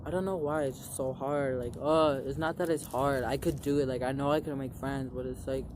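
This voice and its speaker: A young man vlogger, his mid-range voice brisk and fairly even in intonation, tells his viewers a long personal story over a noisy background. The casual storytelling to camera is rambling, profane, and packed with "like" fillers.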